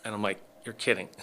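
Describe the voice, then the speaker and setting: Pushed and bright, this mid-range male voice belongs to a middle-aged chiropractor recounting his story on a podcast in a relaxed interview. He performs the lines of the people he quotes, over slight background noise.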